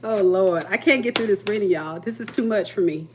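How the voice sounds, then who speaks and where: A woman reads tarot live for her viewers, teasing them and cracking herself up as she goes. Her pitch sits in a middle range, and a faint hum runs under the recording. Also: a little fast. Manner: playful, laughs often, talks to viewers as y'all. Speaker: tarot reader.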